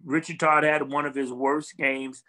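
An older man with a bright, forceful voice, pitched a little high, talks through his memories in an easy interview. He is earnest and reflective and often restarts his sentences. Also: level tone, normal speed, low-quality recording. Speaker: former football player, guest. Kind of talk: casual interview chat.

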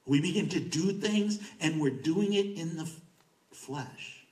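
A man's voice: fairly high pitch, a little slow. A male pastor preaching a sermon in a conversational, emphatic way, repeating words for stress. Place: church sanctuary. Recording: echoey church from a distance.

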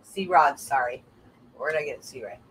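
Woman, auctioneer, chatty, bright tone. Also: a bass voice, animated, moderate pace, slight background noise, low-quality recording. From American South. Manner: chatty, laughs often, sings made-up bits. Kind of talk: live auction calling.

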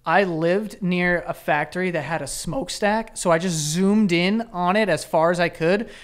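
A young man hosting a podcast, trading memories with an old friend. He gets excitable and swears a lot, and he often breaks into laughter. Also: high-pitched, moderate pace, clear, resonant tone. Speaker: podcast host. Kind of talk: casual chat.

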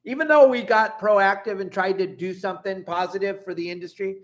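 A man's voice: high-pitched, a little fast, few pauses. Angry fishing vlogger, middle-aged man. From Southern California. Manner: angry, emphatic, swears and apologizes. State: upset. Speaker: fishing channel host. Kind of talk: heated vlog rant.

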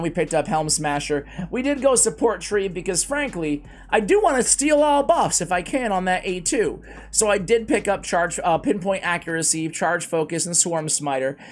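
Male game-guide host, slightly high voice, loose and self-mocking, conversational commentary. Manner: chatty, self-deprecating, rambling asides.

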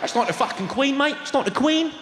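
A man with a Glaswegian accent doing stand-up, swearing and bantering with the crowd in animated bursts. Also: extremely high pitch, fast talker. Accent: Scottish, Glaswegian. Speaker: stand-up comedian. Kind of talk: stand-up routine. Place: large indoor comedy venue. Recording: echoey live venue, loud audience noise. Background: audience laughter.

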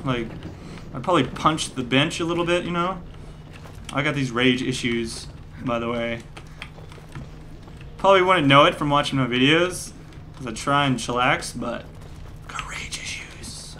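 A man's voice: mid-range voice, sharp tone, a little hiss or hum. A man giving rambling, joking let's play commentary, breaking into mock rage and laughter. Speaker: gaming commentator. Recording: game music playing behind.

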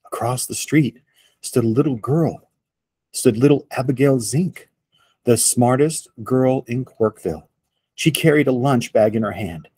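Guy reading a kids story real slow, kinda husky voice, dry close mic. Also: mid-range voice, no echo. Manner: slow, expressive read-aloud. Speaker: storyteller for children. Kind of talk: reading a picture book aloud.

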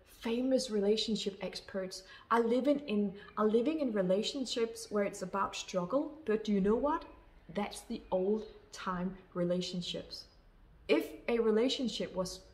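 Her voice medium in pitch with a darkish tone, a love coach earnestly advises women in a spoken monologue, stressing her points, repeating phrases, and addressing her listeners as sisters.

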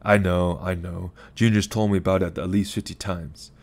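A man's voice: sits low, fairly even intonation, normal speed, a little mellow. A man doing a ranting, bitter lawyer. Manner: agitated, swearing, self-pitying rants. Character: bitter drunk-sounding male lawyer, ranting.

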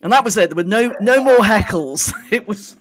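A woman's voice: medium pitch, expressive, moderate pace, a little hiss or hum. A woman hosting a podcast, telling anecdotes with frequent laughs and hesitant fillers. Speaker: podcast host. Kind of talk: casual chat.

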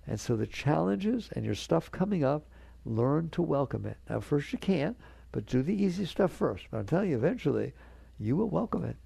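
A man's voice: a little high, sing-song, normal speed, creaky, dark tone, slightly rough, dry recording. A man giving a spiritual talk to an audience, earnest and conversational, coaxing his listeners along. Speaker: spiritual teacher.

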